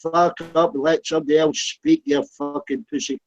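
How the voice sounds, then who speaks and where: A man's voice: fairly high pitch, big pitch swings, moderate pace, darkish tone, lo-fi sound. A man, a regular in a live voice chat, talking bluntly and swearing hard. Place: at home, lying down.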